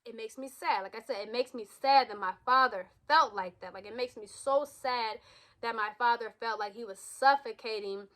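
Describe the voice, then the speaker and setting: A woman's voice: fairly high pitch, fairly bright tone. A woman in her thirties speaking candidly in a personal vlog, raw and emotional, blunt, with frequent swearing and restarts. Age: 30s. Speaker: vlogger.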